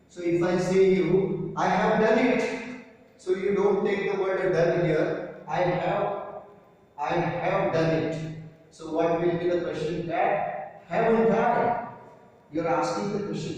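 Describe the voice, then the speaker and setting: A male school teacher with an Indian English accent, explaining a grammar lesson step by step and repeating examples slowly. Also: high voice, darkish tone, slight background noise. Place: classroom. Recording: echoey room, voice from far off.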